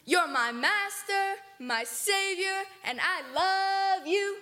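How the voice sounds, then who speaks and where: A woman's voice: very high voice, takes it slowly, sharp tone, faint music behind, exaggerated voice. An actress playing an earnest young woman who recites a clumsy rhyming prayer in a solemn, sing-song way, in a comedy sketch.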